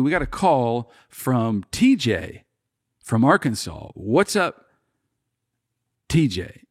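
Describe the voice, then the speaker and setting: A man's voice: mid-range voice, very animated, takes it slowly, long pauses, husky, dry recording, clean studio sound. A man from Oklahoma with a slight drawl, hosting a podcast in an upbeat, rambling way. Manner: upbeat, chatty, rambling with fillers. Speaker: podcast host. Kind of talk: casual podcast chat.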